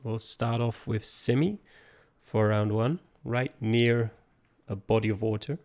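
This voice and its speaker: A man giving calm, explanatory color commentary on an online geography game. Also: fairly low pitch, measured pace. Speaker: esports co-commentator.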